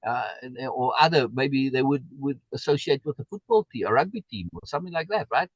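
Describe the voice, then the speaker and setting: A man's voice: mid-range voice, animated, brisk, slightly rough, no room sound, dull audio. A man hosting a live stream, talking in an emphatic way and repeating words for stress as he answers viewer comments. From South Africa. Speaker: livestream host.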